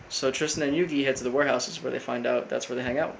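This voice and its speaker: A man casually recapping a cartoon episode, rambling with lots of fillers and flat quoted lines. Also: mid-range voice, very fast, creaky, background noise. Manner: rambling, full of fillers, quotes characters flatly. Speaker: recap host.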